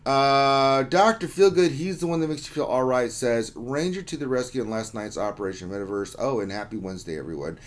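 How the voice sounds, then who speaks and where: A man's voice: mid-range voice, a little fast, few pauses. Male stream host, casual chat delivery, reads viewer messages with jokes. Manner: reads out chat names, jokey and upbeat. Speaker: livestream host.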